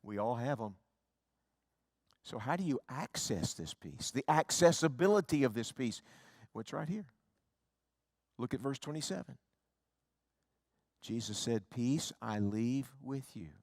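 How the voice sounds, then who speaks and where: A middle-aged man, an evangelist, preaching a revival sermon that moves from hushed, tender storytelling to loud, rising appeals. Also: medium pitch, expressive, unhurried, long pauses, no echo, studio quality.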